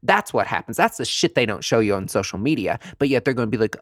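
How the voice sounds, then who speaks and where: A man's voice: mid-range voice, lively intonation, fairly quick, hardly any pauses, a bit bright, dry recording, clean studio sound. A man who works as a nurse injector, ranting to camera in a sassy, profane, dramatic way.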